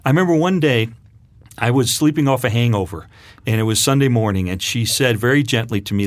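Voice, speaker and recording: A man telling his personal story as a guest in an interview, earnest and animated. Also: mid-range voice, a little fast, no echo, clean studio sound. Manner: earnest storytelling, lively rises and drops. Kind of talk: personal testimony in a radio interview.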